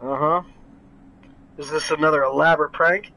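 A man's voice: on the high side, fairly even intonation, normal speed, pushed and bright, low-quality recording. A man streaming a game live, chatting casually, greeting viewers by name and reading their messages aloud.

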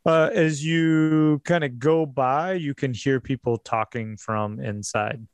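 A man narrating as game master for a tabletop role-playing game, pausing and restarting often. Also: medium pitch, dry recording. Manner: hesitant, many restarts.

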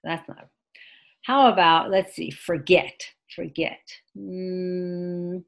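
A woman with a low-set voice teaching an English lesson online. She talks slowly and patiently, repeats each key word and slips in short Mandarin translations for her students. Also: steady tone, creaky. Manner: patient, repeats words and gives Mandarin glosses. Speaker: ESL teacher. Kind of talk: online class lesson with screen sharing.

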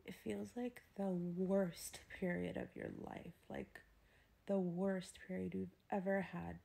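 A woman in her thirties speaks softly and often drops into a whisper, her voice heavily gravelly and husky. She talks slowly and haltingly, in pain and a little out of breath. Her pitch sits on the low side. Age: 30s. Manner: soft, often whispered, halting with many fillers. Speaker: vlogger. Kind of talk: personal vlog. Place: doctor's procedure room.

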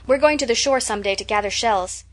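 A woman's voice: a little high, brisk, natural voice. Woman narrator doing an eager, romantic young girl; gushing chatter, storybook audiobook. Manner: gushing, breathless enthusiasm.

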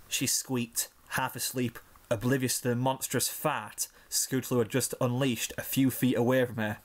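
Male fanfic reader, mid-pitched, steady storytelling delivery. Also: normal speed, few pauses. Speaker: narrator. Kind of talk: fanfiction reading.

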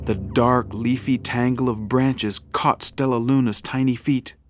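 A man narrating a children's storybook in an expressive, gently dramatic way. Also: mid-range voice, a little slow. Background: background music.

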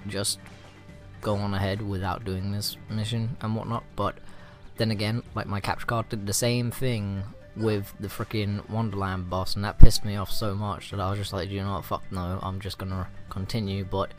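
A young man with a fairly low voice talks over his own gameplay in a loose, rambling way. He swears often and gets riled quickly. Soft game music plays underneath. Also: little pitch movement. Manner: profane, rambling and easily riled. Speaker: let's play gamer. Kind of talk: casual gameplay commentary.

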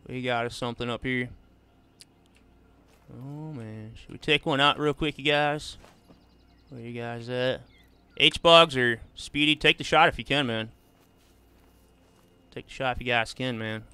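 A man's voice: medium pitch, measured pace, long pauses, bright, forceful tone, clean tone, no echo. A man doing casual live gaming commentary, chatting easily with viewers and tossing in "man" and "bro" all the time. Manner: laid-back, drawls "man" and "bro" often. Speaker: streamer.

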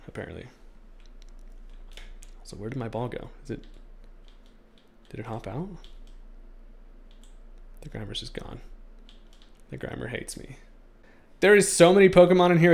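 A man's voice: mid-range voice, vocal fry. A young man giving playful let's-play commentary on a game, joking with the creatures he tries to catch. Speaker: gaming streamer.

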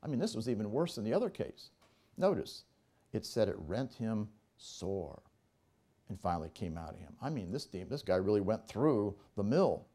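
Lively, warm-voiced preaching man. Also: lowish voice, normal speed. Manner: emphatic, reads scripture aloud and explains it. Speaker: pastor. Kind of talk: teaching sermon. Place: church service.

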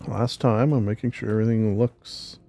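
A man's voice: fairly low pitch, fairly even intonation, moderate pace, vocal fry, warm tone, faint music behind. A man hosting a gaming channel, chatting casually and jokingly as he plays a role-play game. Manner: rambling, jokey, talks to himself.

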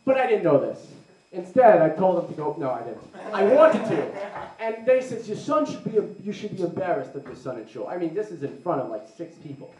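A man's voice: high-pitched, big pitch swings, fairly quick, a crowd in the background. A young adult man doing a live stand-up set, rambling and sarcastic with lots of "like"s. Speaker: stand-up comedian. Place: live comedy venue. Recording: roomy, mic heard from a distance.

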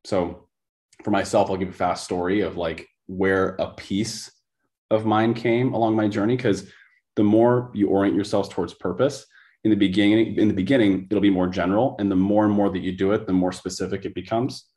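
A man's voice: fairly low pitch, fairly even intonation, moderate pace, darkish tone. A man speaking as a coach in an interview, telling stories intensely and repeating phrases for emphasis. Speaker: podcast guest, coach. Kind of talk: conversational interview storytelling.

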